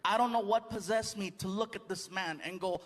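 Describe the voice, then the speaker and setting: A man doing stand-up, telling a story and acting out voices, often shouting punchlines. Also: sits high, fairly even intonation, brisk. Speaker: stand-up comedian. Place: comedy stage. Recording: live set with loud audience noise.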